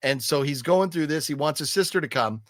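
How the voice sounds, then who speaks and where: A man hosting a casual movie review, talking in an animated, profane way and acting out scenes in mocking voices. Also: on the high side, fairly quick, no echo, studio quality. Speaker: film reviewer, podcast host.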